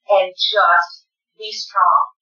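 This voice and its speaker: A woman's voice: mid-range voice, steady tone, drawn-out words, bright, forceful tone, distant mic. A woman, telling a personal story in an emotional, earnest way, often close to tears. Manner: tearful, earnest, addresses listeners directly. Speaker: guest. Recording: echoey, dull room sound from off-mic.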